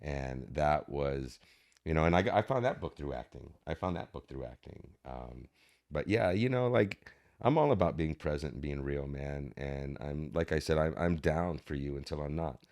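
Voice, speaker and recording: An extremely deep, darkish male voice at a moderate pace belongs to an actor guesting on a podcast. He muses over his stories and gives each person he quotes a voice of his own.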